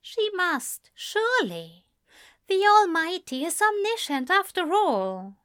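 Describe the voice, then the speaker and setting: Woman reader as a nervous, courteous male angel in a storybook: high, stammering, formal. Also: very animated, slow, fairly bright tone, no echo, clean studio sound, full character voice. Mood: anxious. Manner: hesitant, stammering, polite. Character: fretful, gentle male angel, soft-spoken and formal.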